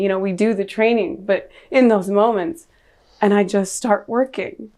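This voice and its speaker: A woman's voice: medium pitch, normal speed, a little mellow. A middle-aged woman, a podcast guest, recounting a painful memory in a raw, earnest way. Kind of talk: personal storytelling in an interview.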